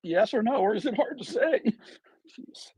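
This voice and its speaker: Emphatic man with a lively high voice. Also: measured pace, breathy edge, no room sound, poor audio. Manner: emphatic, rhetorical questions. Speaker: true crime commentator. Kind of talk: live stream commentary. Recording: played back from a live stream.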